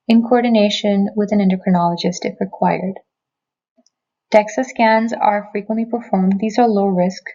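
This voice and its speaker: Woman giving a measured medical lecture. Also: mid-range voice, mellow, highs cut off. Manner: measured, clear, explanatory. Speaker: physician giving a health lecture. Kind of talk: prepared medical presentation. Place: remote recording, not in person.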